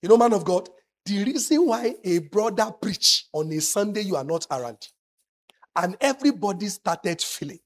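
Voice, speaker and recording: A man preaching a sermon, moving from quiet, confiding asides to loud, shouted emphasis. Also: sits high, big pitch swings, moderate pace. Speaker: pastor.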